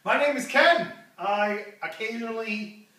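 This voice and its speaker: A man's voice: high-pitched, a little slow, pushed and bright. A man hosting a comedy show, rambling through a jokey monologue and losing his train of thought. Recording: echoey room, far from mic.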